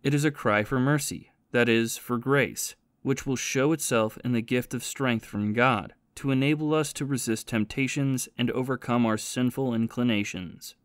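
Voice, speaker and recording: A man reading the part of a learned male scholar in an audiobook, earnest and measured as he teaches about prayer. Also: mid-range voice, no room sound, clean studio sound, close to an everyday voice. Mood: earnest, instructive. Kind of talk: audiobook reading of a spiritual classic.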